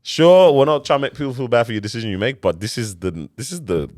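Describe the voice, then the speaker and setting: A man co-hosting a podcast, talking in a casual, slangy, animated way. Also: mid-range voice, fast. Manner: animated, slangy, laughs often. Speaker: podcast co-host. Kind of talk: casual chat.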